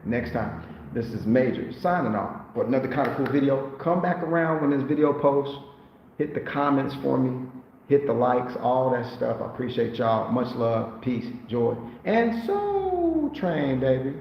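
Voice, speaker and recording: A man's voice: medium pitch, normal speed, vocal fry, a little hiss or hum. Man, livestream host, playful motivational monologue, echoey room, muffled lo-fi audio. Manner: animated, playful, preachy motivational talk with put-on voices. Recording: very echoey, dull lo-fi sound with faint ambience.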